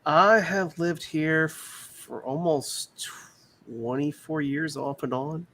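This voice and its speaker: A man from Louisiana hosting a casual podcast chat, joking and quick to laugh and apologize. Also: a little high, fairly even intonation, sharp tone. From Louisiana, USA. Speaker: podcast host running giveaways.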